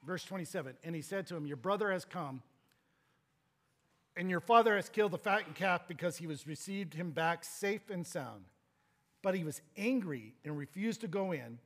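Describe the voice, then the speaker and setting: A man preaching a sermon as pastor, swinging between emphatic exhortation and low, quiet points.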